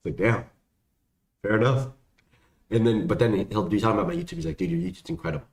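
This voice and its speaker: A man's voice: on the low side, fairly quick. A young man casually answering viewer questions, rambling and slangy with lots of fillers. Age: young adult. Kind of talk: casual Q&A chat. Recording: echoey room, faint background noise.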